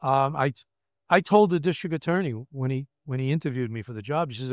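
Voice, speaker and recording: A man's voice: mid-range voice, a little fast, darkish tone, no echo, studio quality. A man in his seventies with a New York accent, a retired federal agent telling his story in a candid interview, emphatic and repeating words. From Brooklyn, New York. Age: 70s. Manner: emphatic, acts out quoted voices, repeats words.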